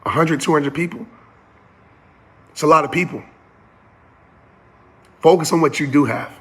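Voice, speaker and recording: At a normal speed, a man with a fairly high, breathy-edged voice gives a motivational talk. He calls listeners "y'all," uses an earnest, preacher-style cadence with repeated phrases, and is getting emotional.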